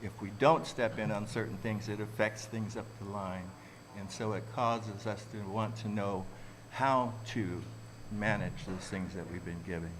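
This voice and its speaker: Man, workshop speaker, reflective community talk, lowish voice, slight background hiss. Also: fairly even intonation, moderate pace, hardly any pauses. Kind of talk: public talk to a community audience.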